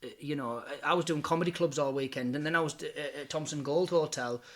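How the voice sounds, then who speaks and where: A man's voice: a little high, fast talker. A man who works as an impressionist and comedian, chatting casually in an interview, laughing often and saying "you know" a lot.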